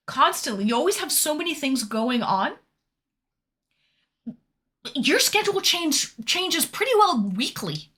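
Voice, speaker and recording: A woman's voice: high-pitched, sharp tone. A woman live streamer chatting casually, reading viewer messages aloud with a teasing, chatty manner and casual swearing.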